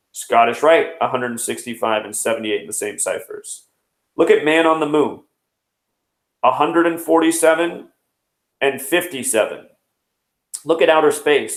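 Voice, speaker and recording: A man in his thirties hosts a news commentary show, reeling off one number after another in a rapid, explaining manner. His voice sits at a middle pitch. The recording has a noticeably echoey room sound. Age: 30s. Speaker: host.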